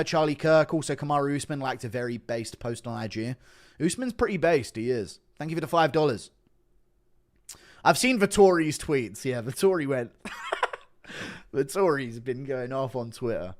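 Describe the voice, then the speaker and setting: A man's voice: mid-range voice, expressive, brisk. A man hosting a livestream, talking bluntly to his chat and reading donations. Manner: blunt, profane, talks to chat. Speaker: livestream host. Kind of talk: livestream commentary.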